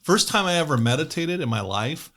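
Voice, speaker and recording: A man's voice: on the high side, lively intonation, brisk, fairly bright tone, a little hiss or hum. A man hosting a podcast, earnestly sharing a short personal story in casual chat. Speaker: podcast host.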